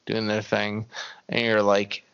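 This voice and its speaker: A man's voice: on the low side, completely flat delivery, takes it slowly, vocal fry, fairly bright tone, clear, resonant tone, dull audio. A man talking casually about a movie, laid-back and swearing freely.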